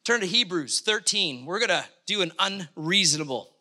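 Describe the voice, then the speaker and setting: A middle-aged male pastor from Canada preaching a sermon, impassioned, with emphatic bursts and halting restarts. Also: high voice, expressive, pushed and bright.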